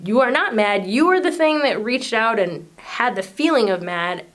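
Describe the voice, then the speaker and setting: A woman's voice: fairly high pitch, animated, moderate pace, a bit bright. Earnest, rambling woman vlogger. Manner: earnest, rambling, with frequent fillers and restarts. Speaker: channel host. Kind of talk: casual spiritual explainer video.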